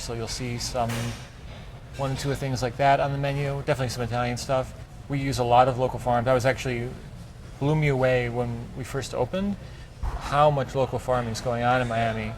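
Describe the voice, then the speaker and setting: Chatty enthusiastic chef, mid-pitched man. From United States. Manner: chatty, enthusiastic, rambling with fillers. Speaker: chef and restaurateur. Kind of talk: casual interview chat. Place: restaurant. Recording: faint background noise.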